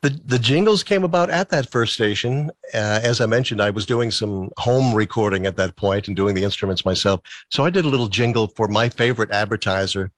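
A talkative man with a low voice tells anecdotes in a relaxed interview. He is from Massachusetts, but his accent now sounds close to Midwestern. The recording is very dry, close to the mic. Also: brisk, few pauses, dry recording. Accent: neutral American, Midwestern-sounding. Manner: chatty, storytelling, laughs often. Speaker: radio guest. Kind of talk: casual interview chat.

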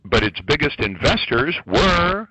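A man's voice: on the high side, very animated, unhurried, background noise. A man speaking as a guest commentator on a radio talk show, ranting in a heated, emphatic way.

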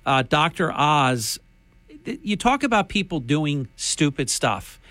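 A man's voice: fairly high pitch, big pitch swings, slow pace, a bit bright, no echo. A man hosting a talk radio show, combative and scornful, with emphatic delivery into a studio microphone.

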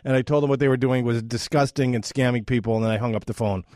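A man hosting a radio interview, an animated storyteller who acts out both sides of a phone call. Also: mid-range voice, quick pace, no echo, clean studio sound. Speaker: radio show host.

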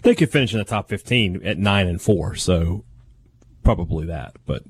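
A man's voice: deep voice, normal speed, slight background noise. A man co-hosting sports radio, reacting to rankings with exasperated, mocking banter. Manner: animated, exasperated, mocking groans. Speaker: radio co-host.

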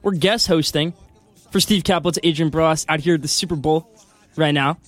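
A man's voice: fairly high pitch, moderate pace. A man guest-hosting a sports radio show, easygoing and laughing along with his guest. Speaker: guest host. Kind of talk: casual sports radio chat. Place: radio studio.

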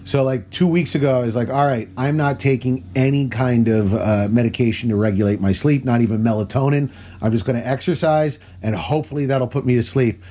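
A man, a comedian, chatting on a video call with dry, wry jokes and halting "uh" pauses. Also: mid-range voice, mellow. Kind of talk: casual chat on a video call.

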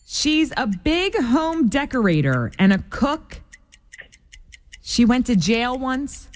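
A woman co-hosting morning radio and reading traffic in a brisk, matter-of-fact way. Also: high-pitched, very animated. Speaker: radio co-host and traffic reader. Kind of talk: radio traffic report and banter. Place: radio studio.

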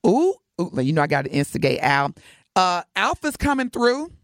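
A woman's voice: fairly low pitch, sing-song, moderate pace, no echo. A woman co-hosting a morning radio show, talking in a casual, teasing and emphatic way from a studio mic. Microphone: studio microphone.

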